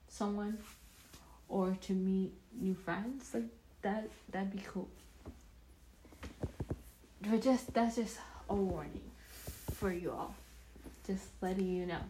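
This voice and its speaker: A woman's voice: mid-range voice, warm tone, a little hiss or hum, rough recording. A young woman vlogging casually, telling a self-deprecating story in a rambling, chatty way with many restarts.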